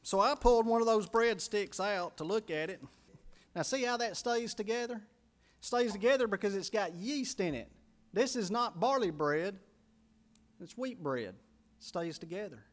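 High-voiced folksy preacher. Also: male voice, expressive, normal speed. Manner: folksy storytelling preacher, drops to quiet for emphasis. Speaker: pastor. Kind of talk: sermon.

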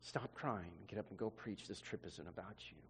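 A man voicing God as a calm, commanding figure, speaking low and slow. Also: a little hiss or hum. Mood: firm. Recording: long hall reverb.

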